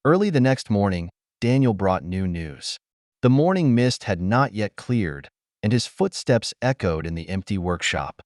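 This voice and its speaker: A man narrating a dramatic story in an even, unhurried way. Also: lowish voice, no room sound, studio quality.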